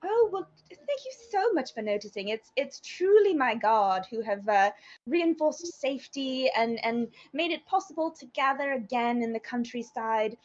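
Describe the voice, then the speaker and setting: A woman playing a haughty aristocratic lady. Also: sits high. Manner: prim, formal and condescending. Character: haughty, pious aristocratic older lady host. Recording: slightly muffled stream audio.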